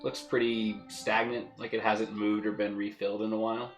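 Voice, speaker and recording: A man's voice: on the low side, little pitch movement, normal speed, faint music behind. A man running a tabletop game as game master, laid-back and teasing.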